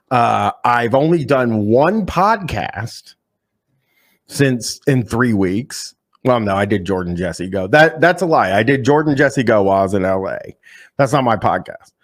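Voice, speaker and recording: A man co-hosting a casual stream, rambling and self-mocking as he flubs his words. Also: mid-range voice. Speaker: co-host.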